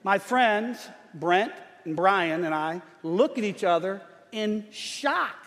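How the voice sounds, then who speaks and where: A middle-aged man preaching a sermon, telling a humorous story in an animated way. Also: very high voice. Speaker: pastor. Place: church sanctuary. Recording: long church hall reverb.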